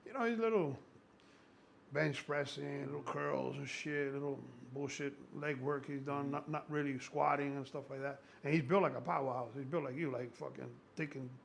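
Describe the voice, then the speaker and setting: A man in his sixties, a strength coach, talking casually in an excitable, profane, rambling way with a gravelly voice. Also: a little high, a little hiss or hum. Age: 60s. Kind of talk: casual conversation.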